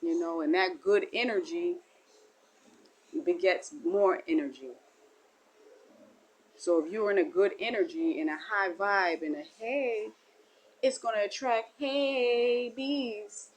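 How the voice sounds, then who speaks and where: A woman's voice: lowish voice, unhurried, long pauses, poor audio. A woman delivering a spiritual monologue as a teacher, in a meandering, repetitive and folksy way. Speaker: self-styled spiritual teacher.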